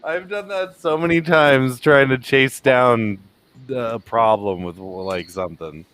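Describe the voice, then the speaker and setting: A man's voice: medium pitch, takes it slowly, a bit bright, clear, resonant tone. A man hosting a live stream, chatting casually and laid-back, swearing now and then. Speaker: streamer host. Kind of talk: casual chat.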